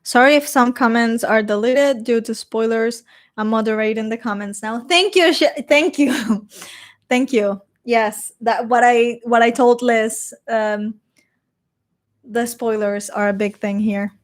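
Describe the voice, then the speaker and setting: Slow-talking chatty woman. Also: a little high, little pitch movement. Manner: chatty, laughs often, reads comments aloud. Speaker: streamer reading live chat. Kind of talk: casual live-stream chat.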